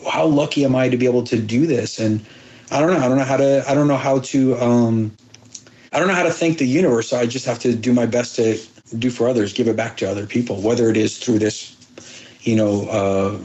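A man's voice: medium pitch, mellow, highs cut off. Earnest middle-aged man telling stories. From abroad, moved to the United States as a child. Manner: earnest, halting, many restarts and quoted dialogue. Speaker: actor guest. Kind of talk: emotional interview storytelling.

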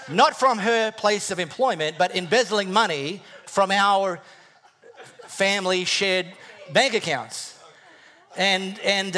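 A man preaching to a live congregation, his voice sitting a little high for a man. He tells stories in a loose, joking, conversational way, full of restarts and wry jabs at himself. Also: pushed and bright. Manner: jokey, conversational storytelling with frequent restarts; wry, self-deprecating humor. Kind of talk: sermon.

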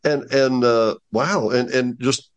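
A man's voice: mid-range voice, fairly even intonation, takes it slowly, no room sound. A man hosting a casual interview in a store, chatty and joking, often restarting his sentences. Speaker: interviewer host.

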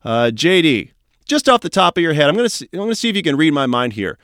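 A man's voice: a little high, very animated, fast, fairly bright tone, dry recording, clean studio sound. A man hosting a podcast, chatting casually in a rambling, upbeat way. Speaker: podcast host.

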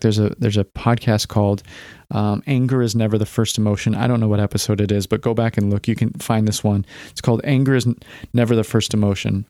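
A man's voice: lowish voice, darkish tone, dry recording, clean studio sound. A man in his thirties hosting a podcast, telling a personal story in a candid, rambling way with many fillers and restarts. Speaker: podcast host. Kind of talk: casual storytelling monologue.

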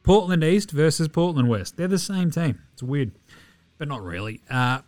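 An Australian man hosting a podcast, giving a fast, casual sports recap, excitable and swearing freely with jokey asides. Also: fairly high pitch, dry recording, faint music behind. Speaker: podcast host.

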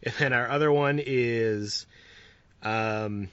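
A man's voice: mid-range voice, slow pace, clean tone, no room sound. Laid-back man hosting a podcast. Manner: laughs often, relaxed and rambling. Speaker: podcast host. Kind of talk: casual podcast chat. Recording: dull lo-fi sound.

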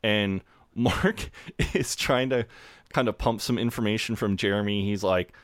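A man's voice: lowish voice, a little slow, no room sound, clean studio sound. A man co-hosting a podcast, casually recapping a TV episode and retelling scenes with gusto. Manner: animated retelling, slips into character voices. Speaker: podcast co-host.

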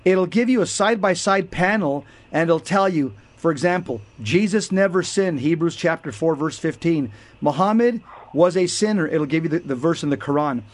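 Man with a slightly high voice, earnest and methodical, repeats key points in conversation. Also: lively intonation, moderate pace. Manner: earnest, repetitive, lists points one by one. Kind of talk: casual explanatory talk.

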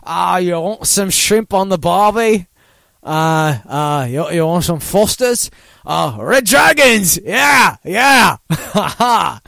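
A man voicing a rowdy, forgetful drunk Australian bloke who stammers and rambles loudly. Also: high voice, animated, takes it slowly, vocal fry, no echo, clean studio sound, pitched above the performer's own voice, full character voice.

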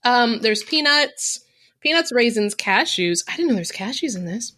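A young adult woman co-hosting a podcast, chatting casually, blunt and animated, swearing freely. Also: a little high, normal speed, dry recording. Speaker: podcast co-host.

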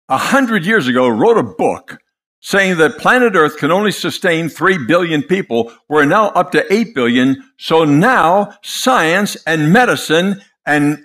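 Impassioned older preacher. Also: male voice, on the high side, a bit bright. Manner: impassioned, storytelling, dramatic pauses. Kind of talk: sermon.

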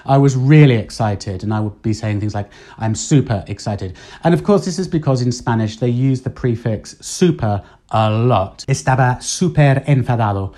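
A man's voice: mid-range voice, mellow. A man from the UK who lives in Spain, hosting a casual solo podcast, thinking aloud with plenty of ums and uhs. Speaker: podcast host.

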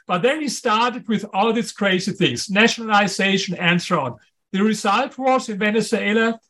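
Emphatic German-accented man, high voice. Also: fairly bright tone. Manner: emphatic, repeats key points. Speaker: guest author. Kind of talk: interview.

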